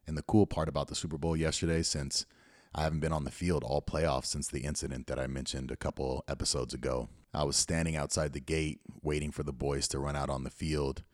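A man's voice: extremely low pitch, flat delivery, a little fast, no room sound, studio quality. A middle-aged man hosting a motivational podcast, telling a story in an earnest, encouraging way. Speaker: podcast host and youth football coach.

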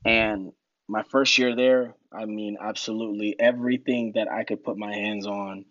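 A man telling war stories in a casual podcast interview, animated and laughing, acting out other people's lines in a raised voice. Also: normal speed, dry recording. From United States. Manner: animated storyteller, acts out quotes in high voices, laughs often. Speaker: guest. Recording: dull lo-fi podcast audio.

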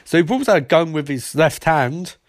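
A man with a slightly high voice tears through a TV episode recap with sarcasm and swearing. He keeps jumping into quick impressions of the characters. The delivery is loose, mocking and comedic. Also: expressive, dry recording, studio quality. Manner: profane, sarcastic, jumps into quoted voices.

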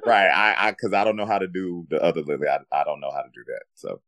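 A man co-hosting a podcast, speaking in a halting, hesitant way. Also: low-pitched, a bit bright. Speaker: podcast co-host.

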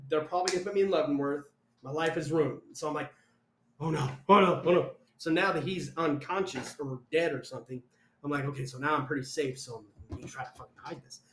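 A man's voice: fairly high pitch, fast, a little hiss or hum. A young man telling a story in casual chat, swearing a lot and acting out what people said. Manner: profane, animated, acts out quotes loudly. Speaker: storyteller guest. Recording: echoey room.

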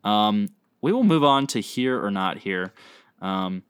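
A man with a low voice speaks very slowly and jokes around as a podcast co-host, throwing in slang and swearing. His voice sounds dry and close, with almost no room echo. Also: animated, fairly bright tone, smooth. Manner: laid-back and jokey, with slang and swearing. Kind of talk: casual sports chat.

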